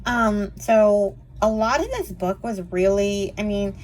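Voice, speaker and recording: A woman's voice: mid-range voice, fairly even intonation, a little mellow, slight background noise. A woman chatting casually through a monthly reading wrap-up, rambling with lots of fillers. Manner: chatty and rambling, frequent fillers and quick laughs. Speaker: book reviewer.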